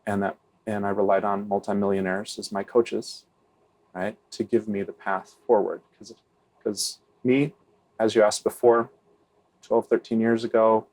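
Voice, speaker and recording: A man's voice: fairly low pitch, little pitch movement, measured pace, darkish tone. A middle-aged man, a real estate investor, answering interview questions candidly, often tagging on "right?" and restarting phrases.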